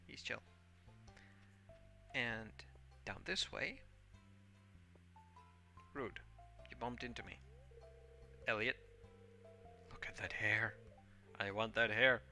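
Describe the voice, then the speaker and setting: A man chats through his gameplay with a gravelly, very bright voice, rambling and playful. Faint game music plays behind him. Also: medium pitch, slow, long pauses. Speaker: gameplay host. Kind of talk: casual game commentary.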